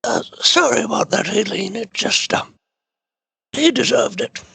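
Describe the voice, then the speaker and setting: A man voicing a remorseful, hot-tempered male adventurer with a sheepish, apologetic manner and a gravelly voice. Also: high-pitched, animated, unhurried, pushed and bright, dry recording, voice pushed up, heavily acted. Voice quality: gravelly, raspy.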